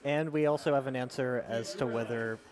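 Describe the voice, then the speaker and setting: A man co-commentating live at a gaming tournament, relaxed and agreeable. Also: medium pitch, brisk. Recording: music and crowd behind.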